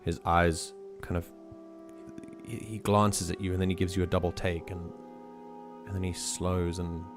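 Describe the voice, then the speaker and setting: Male GM, deep, halting narration over faint music. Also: little pitch movement. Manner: hesitant, lots of fillers. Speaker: game master. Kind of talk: narrating a tabletop game.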